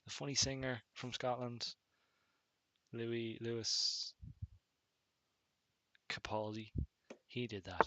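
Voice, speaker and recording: A man casually commentating on his own chess game, thinking aloud in a relaxed, musing way. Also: mid-range voice, slow pace, pauses often. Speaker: chess streamer.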